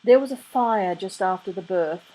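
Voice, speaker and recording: A woman voicing a dazed middle-aged former nun who speaks in a hollow, flat way, with a breathy voice. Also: mid-range voice, normal speed, close to an everyday voice, low-quality recording.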